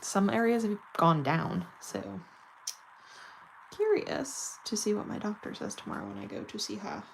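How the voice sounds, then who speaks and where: A woman's voice: mid-range voice, very animated, measured pace, vocal fry, a little hiss or hum, low-quality recording. A woman chatting casually and giggling while doing her nails on camera. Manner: chatty, giggly, self-mocking. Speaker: nail vlogger.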